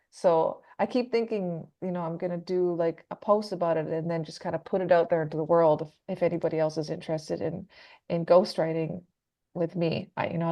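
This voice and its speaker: A woman singer in a casual interview, talking fast and loose, laughing often and acting out what other people said. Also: on the low side, warm tone. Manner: chatty, laughs often, acts out quoted people. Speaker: metal singer being interviewed.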